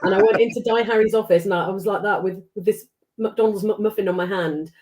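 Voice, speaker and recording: A woman's voice: mid-range voice, quick pace, darkish tone. A middle-aged woman from England, chatting casually as a podcast guest, swearing freely and acting out the dialogue in her stories. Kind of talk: casual storytelling chat.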